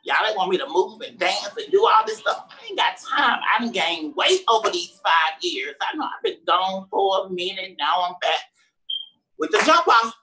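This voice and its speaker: A woman's voice: medium pitch, sing-song, normal speed, sharp tone, poor audio. A woman hosting a live-streamed event, bantering playfully and sassily with the crowd as she welcomes everyone and introduces the performers. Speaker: emcee of a live-streamed show.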